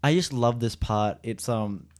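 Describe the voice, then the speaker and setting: A man with an ordinary mid-pitched voice chats casually. He talks in a loose, easygoing way and hesitates often. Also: measured pace, darkish tone. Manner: loose, hesitant, full of fillers. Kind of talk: casual chat.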